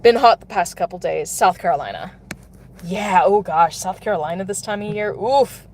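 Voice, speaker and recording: A chatty woman with a voice of ordinary pitch, talking to her viewers while she plays a game in a parked car. She giggles often and talks loosely. Faint car noise runs underneath. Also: expressive, moderate pace, darkish tone. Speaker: mobile game streamer. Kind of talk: casual live-stream chat while playing. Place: in a car, pulling over.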